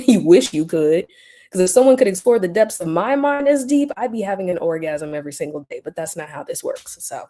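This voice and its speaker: Woman on a livestream, mellow voice, laughing and teasing her chat a lot. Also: on the low side, expressive, fairly quick, a little hiss or hum. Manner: laughs often, teasing and mocking. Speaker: livestream host answering chat.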